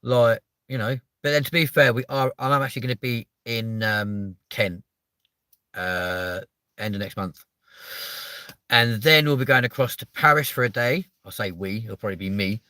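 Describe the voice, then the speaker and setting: A man's voice: medium pitch, moderate pace, pushed and bright, no echo. A young man, chatting casually to viewers on a live stream, rambling and swearing his way through stories.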